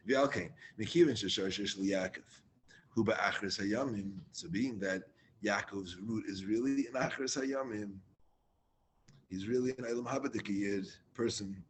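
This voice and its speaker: A man's voice: lowish voice, normal speed, slight background noise. A man leading a Torah class, reading Hebrew lines and explaining them in casual English with restarts.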